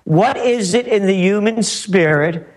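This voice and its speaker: A man's voice: high-pitched, unhurried. A man giving heated political commentary, emphatic and repetitive, firing off rhetorical questions. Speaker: guest commentator.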